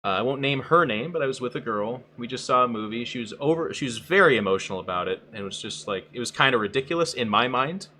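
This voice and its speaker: Host, lively bright male voice, does quick voices for anecdotes, faint hiss behind. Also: mid-range voice. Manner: animated, mimics others in quoted voices. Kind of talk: casual podcast chat.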